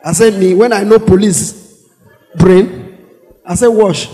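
A Nigerian man with a Pidgin English accent and a very high, piercing voice, animated on stage as he acts out his characters. His voice rings with the long reverb of a big hall. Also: a little slow. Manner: animated, acts out voices of police, shouting and laughing. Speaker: stand-up comedian. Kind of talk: stand-up comedy storytelling.

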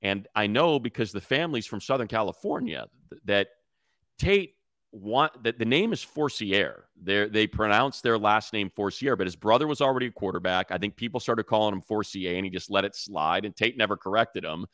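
A man's voice: fairly low pitch, animated, moderate pace, a bit bright, dry recording. A man hosting a sports podcast, telling stories in a casual chat and mimicking the voices of others. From Detroit, raised near Chicago.

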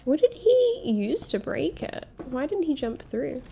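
A woman's voice: high voice, sing-song, a little slow, vocal fry, dark tone, slight background noise. A young woman streaming her first playthrough of a game, chatting casually, swearing and spiraling into panicked repeated words. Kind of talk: casual gameplay commentary.

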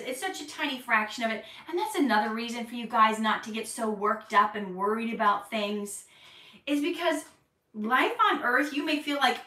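Her voice is on the high side as she answers questions from viewers during a live Q&A, moving at a moderate pace from casual chatter into earnest, preachy territory and getting animated when excited. She's a bit off-mic and distant, and the room echoes.

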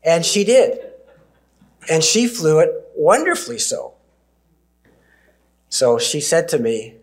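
A Canadian man in his sixties, a preacher giving a sermon full of personal stories, with gentle laughs and emphatic pauses. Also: on the high side, very animated.

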